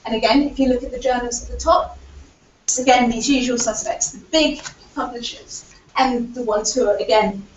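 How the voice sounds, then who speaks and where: A woman's voice: a little high, steady tone, normal speed, slight background noise. Woman presenting in an echoey hall. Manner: earnest, argumentative, frequent fillers like "kind of". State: recovering voice. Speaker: conference speaker. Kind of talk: conference presentation. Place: lecture hall. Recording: echoey hall, distant, dull lo-fi audio.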